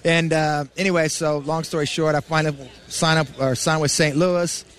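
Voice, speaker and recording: A man's voice: on the high side, little pitch movement, normal speed, crowd noise. A man in his forties, a former pro football player, telling rambling stories as a radio show guest. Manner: rambling anecdotes full of fillers. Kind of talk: storytelling interview on radio. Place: radio studio.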